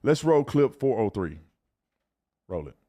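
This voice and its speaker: A man's voice: medium pitch, big pitch swings, unhurried, dark tone. A man hosting a commentary show who talks emphatically, often stumbling and repeating his words. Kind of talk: casual commentary.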